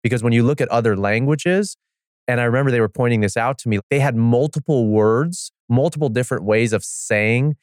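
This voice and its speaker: A man's voice: mid-range voice, a little fast, a little mellow, no echo, studio quality. A man hosting a podcast, telling a story in a reflective, casual conversational way. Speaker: podcast host.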